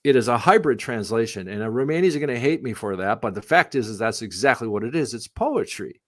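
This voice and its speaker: A middle-aged man, a missionary pastor whose first language is English, answering questions in a live conversation, rambling with many restarts and growing animated when he tells stories. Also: medium pitch, fast talker, no echo, clean studio sound. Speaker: missionary pastor and Bible translation theologian.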